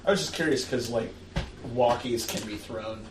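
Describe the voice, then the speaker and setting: A man's voice: mid-range voice, moderate pace, background noise. A man playing a tabletop game, asking curious questions about the rules. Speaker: player. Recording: roomy, distant table recording.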